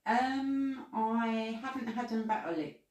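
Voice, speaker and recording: A woman guest who works as a psychic medium, answering podcast questions calmly and matter-of-factly. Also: on the high side, slow. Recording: roomy sound from a distant mic.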